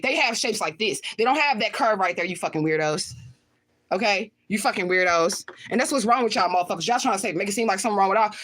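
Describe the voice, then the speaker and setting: A woman's voice: mid-range voice, fairly bright tone. A woman ranting on a livestream, talking straight to her chat in a heated, profane way. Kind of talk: livestream rant to viewers.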